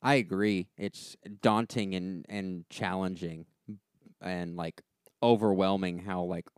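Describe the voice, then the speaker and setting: A man's voice: low-pitched, fairly even intonation, slow, smooth, no echo, studio quality. A man co-hosting a casual podcast chat, rambling with many fillers. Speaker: podcast co-host.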